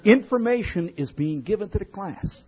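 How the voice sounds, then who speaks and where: A man with a husky voice telling a wry, profane comic story to an audience, building from low asides to loud outbursts. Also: lively intonation, normal speed, highs cut off. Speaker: humorist speaking to an audience.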